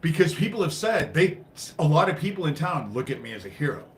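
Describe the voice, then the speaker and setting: A frustrated man rants on his own live stream, swearing freely and swinging between loud bursts and low muttering. His voice sits a little high for a man. The sound is echoey and roomy. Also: sing-song, fast talker. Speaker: livestream host.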